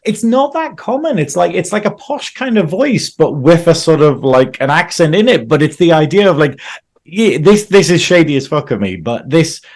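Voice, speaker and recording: A man's voice: a little high, normal speed. A man co-hosting a casual film chat, laughing often and acting out quotes. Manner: animated, laughs often, quotes people in playful voices. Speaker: podcast co-host.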